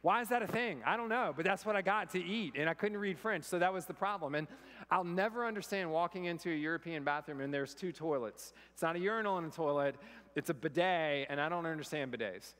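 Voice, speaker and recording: A man's voice: a little high, quick pace, a bit bright, in a large hall. An American man preaching a sermon, mixing humorous personal stories with scripture. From United States. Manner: storytelling, self-deprecating humor. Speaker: pastor. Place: church sanctuary.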